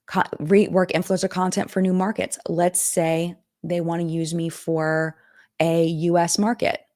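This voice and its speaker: A woman with a fairly low, mellow voice hosts a casual live chat stream from a streaming setup. She thinks aloud while reading viewer comments and contract text.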